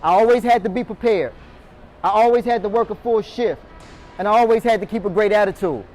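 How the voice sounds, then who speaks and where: High-voiced man firing up a sales team. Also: fairly quick, faint music behind. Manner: energetic, calls on the audience, quizzes the room. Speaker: motivational speaker. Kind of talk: motivational talk to a sales team. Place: meeting room with a live audience.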